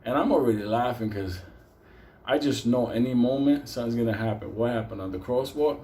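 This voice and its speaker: A man's voice: medium pitch, fairly quick, mellow, slight background noise. Profane New storyteller man. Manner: profane, laughing, rambling. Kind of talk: casual comic storytelling.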